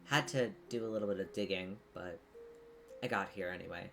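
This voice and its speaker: A game master voicing a flustered young adventurer in a streamed tabletop game, talking in halting bursts full of fillers and restarts. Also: sits low, gravelly, faint music behind, pitched below the performer's own voice. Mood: worried.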